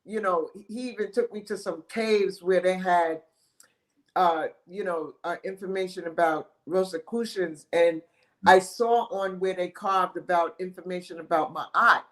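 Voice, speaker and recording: A host in relaxed conversation, speaking casually with fillers. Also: medium pitch, measured pace. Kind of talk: casual chat.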